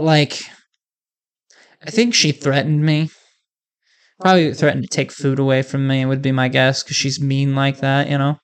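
Rambling, joking male podcast host. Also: medium pitch. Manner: rambling, joking, many fillers. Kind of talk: casual podcast chat.

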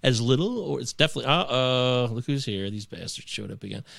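A man's voice: medium pitch, expressive, vocal fry, fairly bright tone, no room sound, studio quality. A man hosting a casual live movie podcast, rambling and chatty, stopping himself mid-sentence. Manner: rambling, self-interrupting, quick laughs. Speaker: podcast host.

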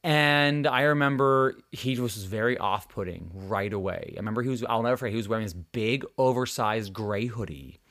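A man's voice: on the low side, moderate pace, hardly any pauses. A young man hosting a podcast, telling stories in casual chat, swearing and acting out the people he quotes. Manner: animated, swearing, acts out quotes. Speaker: podcast host.

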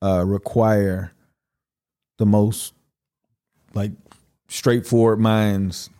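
Mellow-voiced man pushing back calmly. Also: on the low side. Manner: measured, questioning, pushes back. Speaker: podcast co-host. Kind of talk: casual discussion.

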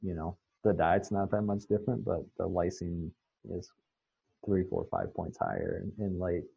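A man's voice: low-pitched, fairly even intonation, normal speed, gravelly, breathy edge, dull audio, soft background music. A man guest on a podcast, telling long anecdotes in a rambling, casual way with many fillers and restarts. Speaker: swine nutrition guest. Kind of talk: casual storytelling in a podcast interview.

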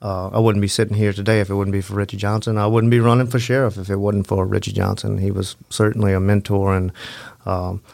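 A man in his forties with a Louisiana accent, a sheriff's office detective speaking as a guest in a studio interview, steady and matter-of-fact. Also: fairly low pitch, fast talker, creaky, no room sound. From Louisiana, USA. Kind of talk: podcast interview.

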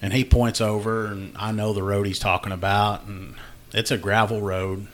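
A man's voice: fairly low pitch, flat delivery, normal speed. Laughing man telling a story. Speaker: podcast host, law enforcement officer. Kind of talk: casual storytelling chat.

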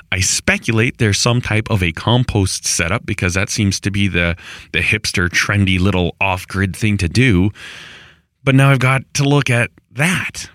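A middle-aged vlogger covering rural homestead life talks to camera in a casual, rambling monologue full of restarts and exasperated asides. His voice is mid-range and fairly bright, captured in a dry, studio-quality recording.

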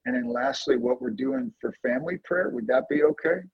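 A man earnestly telling an emotional story of prayer in a conversation, with lively swings in his voice. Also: a little fast, creaky, husky, dry recording, narrow, tinny audio. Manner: earnest, emotional testimony with animated swings in pitch. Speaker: guest, prayer ministry leader.

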